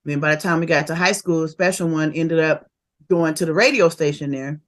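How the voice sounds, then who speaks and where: A woman, a rapper telling stories of her early career in a casual interview, animated and quick to laugh. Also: deep voice. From Oakland, California. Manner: animated and laughing, fast bursts of memories.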